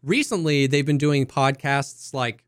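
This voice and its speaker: A man co-hosting a gaming podcast, talking in a loose, animated, casual way, saying "dude" and "you know what I mean" often. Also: mid-range voice, unhurried, smooth, dry recording, clean studio sound. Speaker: podcast co-host.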